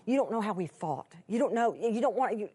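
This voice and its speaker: A woman preaching to a live audience, telling a personal story in a folksy, chatty way, with emotional swings from excited to hushed. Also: mid-range voice, fairly quick, breathy edge. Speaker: Christian speaker.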